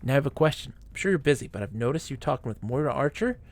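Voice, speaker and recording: A man's voice: mid-range voice, animated, very fast, dry recording, lightly acted. A man reading the lines of a scheming male corporate informant in a space game, in a conspiratorial tone.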